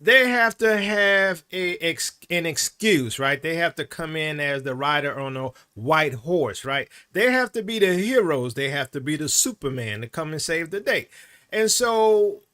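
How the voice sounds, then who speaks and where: Brief: male commentator, animated and sarcastic, bright tone, swings his pitch a lot. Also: a little slow, smooth. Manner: animated, sarcastic, keeps asking "right?". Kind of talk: opinionated commentary.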